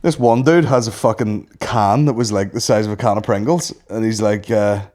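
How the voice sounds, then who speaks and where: A man's voice: on the low side, normal speed, darkish tone. A young Northern Irish man co-hosting a podcast, laid-back and sweary, laughing through his stories. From Northern Ireland. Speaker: podcast co-host. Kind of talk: casual chat.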